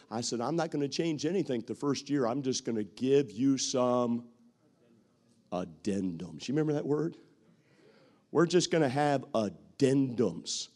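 A middle-aged man, a pastor, preaching a sermon with strong feeling, jumping from loud calls to soft, quiet words and acting out what others say. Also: mid-range voice. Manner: emotive preaching with acted-out quotes, swings from loud to soft.

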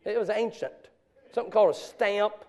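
Middle-aged male preacher with a high voice; sermon delivery that drops to hushed storytelling, then rises to shouted exhortation. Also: normal speed. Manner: swings from quiet confessional storytelling to loud preaching. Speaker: pastor.

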